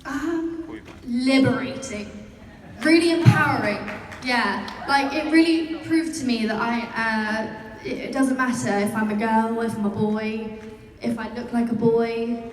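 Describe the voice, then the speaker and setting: A woman's voice: fairly high pitch, measured pace. A young woman with a British accent, a convention panel guest answering fan questions in a chatty way, laughing often and using many fillers. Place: large convention hall. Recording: echoey hall from far off, crowd noise.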